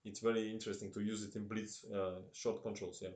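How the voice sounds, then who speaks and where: A man's voice: on the low side, brisk. Chatty streamer man with a Russian-tinged accent. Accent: Russian-tinged English. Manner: relaxed, laughs often, broken English. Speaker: chess streamer. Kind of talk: live-stream chess commentary, chatting with viewers. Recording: roomy echo.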